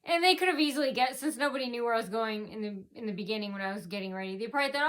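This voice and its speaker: High bright-voiced woman rambling on. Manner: halting, lots of fillers and restarts, trails off quietly. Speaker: vlogger. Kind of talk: rambling personal account.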